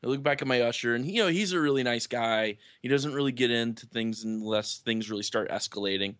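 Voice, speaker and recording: A man's voice: medium pitch, a little fast, fairly bright tone, dry recording, clean studio sound. A man chatting casually on a sports podcast, telling long stories padded with many fillers. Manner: rambling storyteller, many "you know" fillers. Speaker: podcast co-host or guest.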